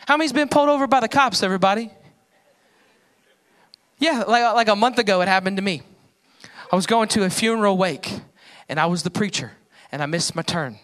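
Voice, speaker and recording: Young male pastor, high-pitched, animated storyteller delivering a sermon. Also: fairly quick, long pauses. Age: young adult. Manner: storytelling, animated voices for quoted people. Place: church.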